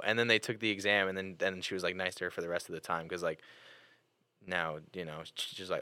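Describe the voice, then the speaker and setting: A young man hosting a podcast, telling personal stories in casual chat, animated and full of fillers and restarts. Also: deep voice, fast talker, smooth, no room sound. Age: young adult. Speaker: podcast host.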